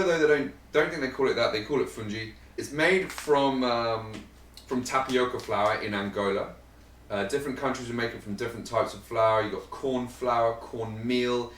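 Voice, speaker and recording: A man's voice: medium pitch, fairly bright tone. A man hosting a vegan cooking channel, chatting casually to camera as he explains ingredients, rambling and joking about himself. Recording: roomy sound, mic set at a distance.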